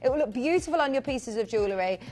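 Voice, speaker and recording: High-voiced chatty woman presenter. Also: animated, rapid-fire, darkish tone, faint music behind. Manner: upbeat, chatty, calls out buyers' names. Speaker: shopping channel presenter. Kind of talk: live TV sales pitch.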